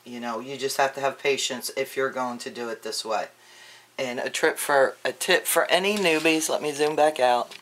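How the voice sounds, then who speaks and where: A woman giving a casual crafting tutorial, chatty and relaxed, with frequent ums and restarts. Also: rumbling low, normal speed, slight background noise.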